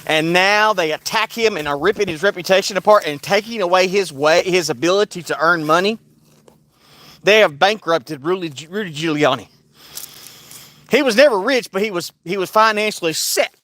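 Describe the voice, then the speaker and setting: A man's voice: high-pitched, animated, moderate pace, pushed and bright, dry recording. A man delivering a casual, heated monologue as an online commentator, sarcastic and keen on repeating a mocking refrain.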